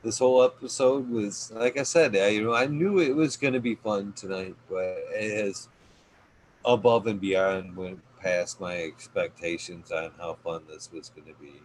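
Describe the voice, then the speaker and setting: Deep-voiced rambling podcast host, man. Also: moderate pace, rough recording. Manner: rambling, many fillers, warm thanks. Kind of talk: casual podcast chat.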